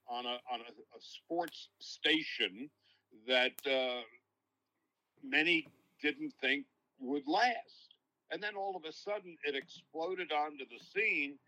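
Older New broadcaster, bright and forward, spins long reflective stories as an interview guest. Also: male voice, a little high, slow pace, poor audio. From New York. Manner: long-winded, reflective storytelling. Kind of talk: casual interview, storytelling.

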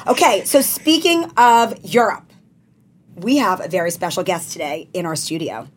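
A woman's voice: lowish voice, normal speed. A woman co-hosting a podcast in casual chat, bubbly and gushing with enthusiasm. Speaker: podcast co-host.

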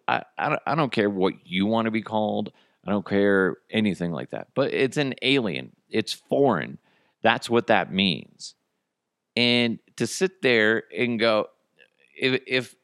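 A man hosting a comedy podcast, rambling through stories with quick asides. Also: fairly low pitch, a bit bright, no echo, clean studio sound. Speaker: podcast host. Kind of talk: casual comedic chat.

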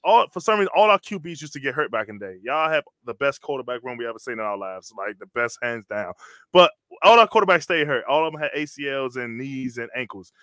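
A man hosting a casual sports talk show who tells animated stories in slangy speech and keeps saying "bro". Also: medium pitch, fast, dry recording, clean studio sound. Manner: animated storytelling, slangy, says "bro" constantly. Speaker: podcast host, former college lineman. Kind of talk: casual chat.

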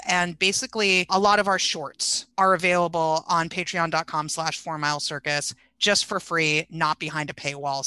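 A woman speaking as a podcast guest, brisk and promotional as she lays out where to find her work. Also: fairly low pitch, bright, forceful tone, dry recording. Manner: teasing, then brisk and promotional. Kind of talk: casual chat.

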